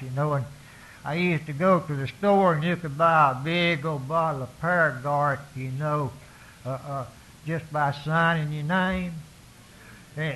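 Bright-voiced man telling stories. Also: on the high side, a little hiss or hum, low-quality recording. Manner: drawling, self-mocking humor, many "you know"s and restarts. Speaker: speaker sharing his recovery story with an audience. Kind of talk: folksy storytelling talk.

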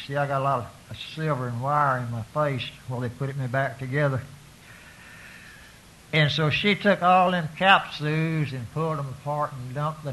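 A man's voice: a little high, a bit bright, a little hiss or hum, poor audio. A man tells his recovery story to an audience in a folksy, self-mocking way, full of restarts and "you know"s.

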